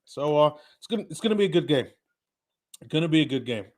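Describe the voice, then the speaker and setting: A man's voice: fairly high pitch, lively intonation, fast. A young man hosting a live basketball watch stream, chatting casually, reading viewer comments and often repeating words.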